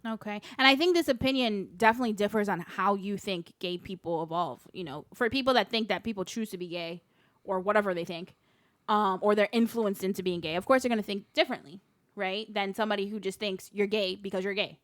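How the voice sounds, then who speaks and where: A woman's voice: medium pitch, a little fast, no room sound, clean studio sound. A woman co-hosting a podcast, chatting casually, telling stories and laughing often. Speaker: podcast co-host. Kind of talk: casual chat.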